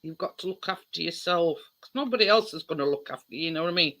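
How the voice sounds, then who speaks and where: A woman's voice: on the low side, fast, a bit bright. A woman hosting a casual livestream, chatting with viewers in a rambling way with lots of fillers. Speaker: livestream host.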